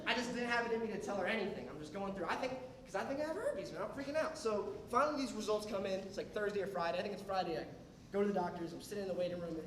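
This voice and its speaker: A young adult man with a high voice does stand-up on a comedy club stage, talking rapid-fire and telling a story while animatedly acting out what other people said. There's a slight hiss or hum, and the recording sounds roomy and distant, with the audience laughing in the background.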